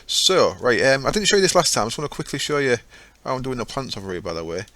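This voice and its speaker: A man's voice: mid-range voice, sing-song, quick pace, sharp tone, dry recording. A man giving casual, rambling commentary over his own gameplay, often correcting himself as he goes. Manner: chatty, rambling, self-correcting. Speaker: gaming channel host.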